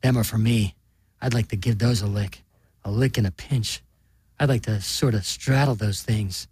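A man reading an audiobook, voicing a foul-mouthed, furious undead old aunt who shouts, threatens and brags in a coarse way. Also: fairly low pitch, normal speed, breathy edge, dry recording, rough recording. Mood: lewd.

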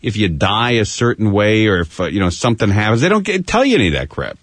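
Male radio talk host, joking and chatty, lower voice with lively ups and downs, dry studio sound. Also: quick pace, slightly rough, no room sound. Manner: joking, teasing, loose and chatty. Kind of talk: casual radio chat. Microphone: studio microphone.

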